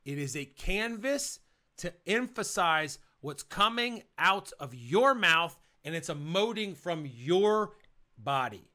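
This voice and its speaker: A man's voice: high voice, very animated, slow, pushed and bright. A man coaching on presentations, talking in a punchy, emphatic way and hammering key points with repetition. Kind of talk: energetic instructional talk.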